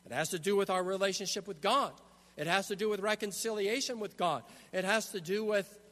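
A man's voice: high voice, bright, forceful tone. A man preaching an expository sermon, emphatic, often restarting his phrases. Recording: long hall reverb.

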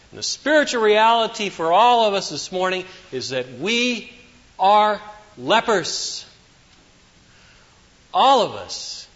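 A man preaching a sermon as pastor, swinging between loud emphatic declarations and hushed asides. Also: sits high. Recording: dull lo-fi sound with long hall reverb.

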